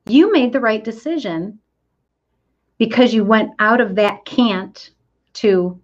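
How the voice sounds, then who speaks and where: A woman's voice: on the high side, highs cut off. A middle-aged woman giving a motivational coaching talk, stressing words and acting out quoted complaints. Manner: emphatic, drawn-out stresses, acts out quoted complaints.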